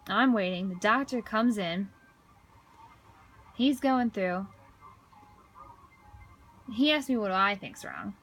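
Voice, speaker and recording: A woman voicing a deaf man's signed story aloud in first person, halting, with frequent restarts and repeated words. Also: medium pitch, a bit bright, soft background music. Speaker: voice-over interpreter for a deaf man.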